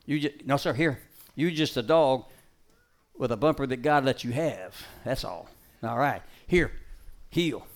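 Preaching live before a crowd, this man is folksy and forceful, alternating booming calls with hushed asides and snapping quick orders at a dog. He speaks in an animated, mid-range voice.

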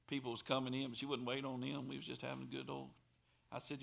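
A man preaching a sermon in a church, telling a story and building to shouted pleas. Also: mid-range voice, completely flat delivery, fast talker, creaky. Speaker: pastor.

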